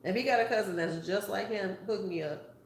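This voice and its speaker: A woman's voice: medium pitch, brisk, a little hiss or hum. A woman beauty vlogger in a casual live-stream chat, playful and talking straight to her viewers. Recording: roomy echo.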